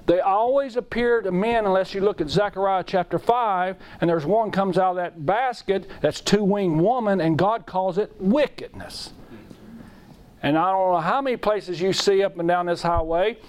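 A middle-aged man preaches with a high-pitched voice. He speaks earnestly and with feeling, often repeating his lines and reading scripture aloud. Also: normal speed, a little mellow, clean tone. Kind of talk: sermon.

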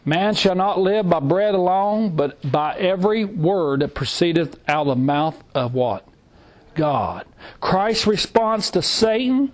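High-voiced man preaching emphatically. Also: expressive, slow. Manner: emphatic, repeats phrases, reads scripture aloud. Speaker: Bible teacher. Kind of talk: sermon.

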